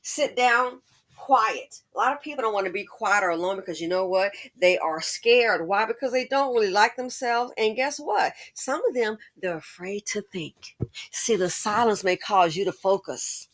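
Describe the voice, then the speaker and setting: A woman's voice: medium pitch, lively intonation, moderate pace, fairly bright tone, no echo. A woman hosting a commentary monologue, emphatic and preachy, repeating her points for force. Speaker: commentary channel host.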